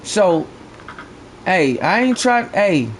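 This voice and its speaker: A man's voice: high-pitched, big pitch swings, very slow, slight background noise. Blunt, profane male game streamer. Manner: blunt, profane, repeats himself while ranting. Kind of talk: live stream commentary.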